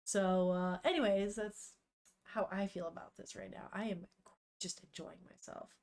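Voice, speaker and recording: A young woman streams herself reading a manga out loud, reacting as she goes. She talks in an animated, unfiltered way, swearing freely and laughing often as she greets her chat. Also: mid-range voice, normal speed.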